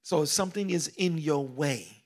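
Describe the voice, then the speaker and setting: A middle-aged man preaching a sermon, swinging between loud exclamations and hushed whispers, repeating phrases and calling out questions to the congregation. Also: a little high, expressive, normal speed. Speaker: pastor.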